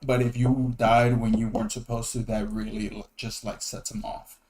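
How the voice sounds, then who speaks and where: A man taking part in a tabletop game who talks casually and thinks aloud as he speaks. He hesitates often. His pitch sits in an ordinary middle range. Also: little pitch movement, moderate pace, a little mellow, a little hiss or hum. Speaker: player.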